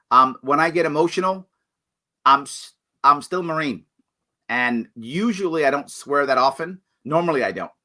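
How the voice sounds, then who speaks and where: Earnest guy doing a live q&a for his viewers, bright voice, gets loud then goes quiet and sorry. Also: mid-range voice. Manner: earnest, animated, swings between loud emphasis and quiet apology. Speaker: host of a live political Q&A show. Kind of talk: live Q&A, answering viewer comments.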